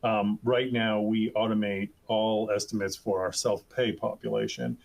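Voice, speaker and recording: Brief: male panelist with a lowish voice, casual and loose, says "um" and "like" a lot. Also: measured pace, creaky. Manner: informal, many fillers. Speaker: healthcare revenue leader, panelist. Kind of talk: panel discussion.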